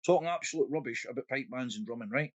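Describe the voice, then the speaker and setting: A man's voice: medium pitch, fast talker, no echo. A Scottish man co-hosting a podcast in casual chat, acting out quotes and laughing often. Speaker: podcast co-host.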